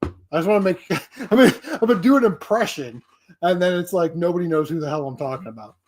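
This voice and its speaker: A man's voice: sits high, animated, quick pace. A man hosting a casual live stream, rambling and laughing often. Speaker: streamer host.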